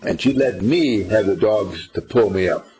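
Speaking at normal speed in a lowish voice, an older spiritual teacher gives a small group a folksy, rambling, informal talk and keeps quizzing his listeners. He's heard over music, and the audio quality is poor.

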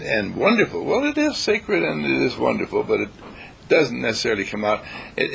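Animated, gravelly man giving a spiritual lecture. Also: mid-range voice, slight background noise. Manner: animated, acts out examples and vocalizes chants.

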